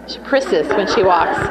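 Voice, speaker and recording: A woman leading a sales training session, lively and teasing as she talks straight to the group. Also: medium pitch, in a large hall, very noisy.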